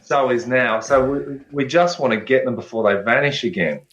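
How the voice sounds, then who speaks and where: A man talking as a guest researcher in a relaxed, friendly, plain-spoken way. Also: mid-range voice, moderate pace, roomy sound, highs cut off. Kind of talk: casual interview chat.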